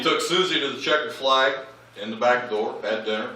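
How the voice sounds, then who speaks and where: Man, eulogy, comic storytelling, bright forceful voice, very echoey hall, distant mic. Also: medium pitch, moderate pace, slight background noise. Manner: animated comic anecdotes, acting out quoted lines. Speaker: eulogist, child of the deceased. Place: large memorial service hall.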